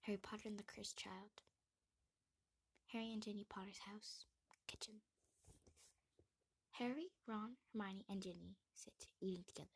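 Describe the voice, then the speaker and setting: A woman reads a play script aloud, stage directions and all, in a husky, gravelly voice. She often drops into a soft whisper between lines. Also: mid-range voice, steady tone, moderate pace, pauses often. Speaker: reader.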